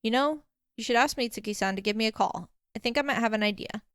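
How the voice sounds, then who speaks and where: Brief: woman doing a soft-spoken caring mom, dry close read. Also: on the high side, fast, clean tone, dry recording, close to an everyday voice. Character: warm, caring middle-aged mother.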